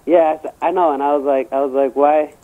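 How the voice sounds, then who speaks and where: A man's voice: medium pitch, steady tone, racing. A man telling a rambling, crude personal story in casual chat, stammering and restarting often. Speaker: guest. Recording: tinny phone line.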